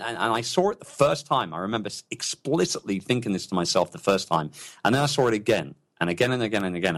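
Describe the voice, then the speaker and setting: Low-voiced chatty man. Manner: chatty, enthusiastic, repeats words when starting sentences. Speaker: podcast guest, entrepreneur. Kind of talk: casual interview talk.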